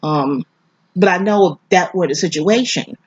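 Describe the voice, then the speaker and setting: A woman's voice: on the low side, expressive, normal speed, gravelly, husky, no echo. A groggy woman from New York rambling through a movie review, profane and digressive. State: groggy, sleepy. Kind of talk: rambling casual monologue. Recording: slightly dull, dry recording.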